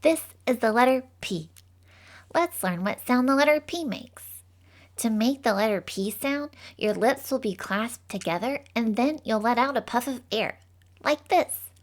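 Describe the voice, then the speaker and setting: A woman teaches phonics to young children in a slow, sing-song, encouraging style, drawing out each sound. Her voice is fairly high and expressive.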